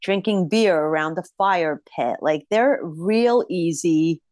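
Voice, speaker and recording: A woman's voice: fairly low pitch, slow pace, darkish tone, no echo, studio quality. A woman co-hosting a podcast, chatting casually about TV shows with a playful, teasing manner. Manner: playful, teasing, laughs often. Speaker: podcast co-host. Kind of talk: casual TV recap chat.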